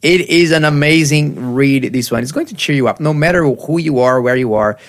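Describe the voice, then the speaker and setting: A man hosting a breakfast radio show, talking with eager enthusiasm and halting fillers. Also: fairly high pitch. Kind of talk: casual radio chat.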